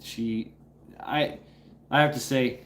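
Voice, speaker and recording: A man's voice: mid-range voice, steady tone, slow pace, a bit bright, slight background noise. A man hosting a casual live stream, rambling playfully, greeting viewers by name and coaxing his dog between remarks. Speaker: livestream host.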